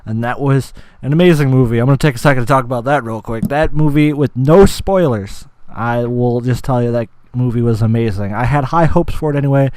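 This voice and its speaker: Young man, podcast host, rambling casual chat, enthusiastic, swears a lot, mid-pitched voice, dry close-mic sound. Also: fairly quick, few pauses, darkish tone, no echo.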